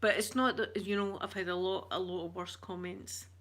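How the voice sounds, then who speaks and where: Scottish woman, live-stream chat, whispers and soft talk, casual, says wee. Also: fairly low pitch, fairly even intonation, moderate pace. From Scotland. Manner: chatty, slipping between whispers and soft talk; uses Scottish words like wee.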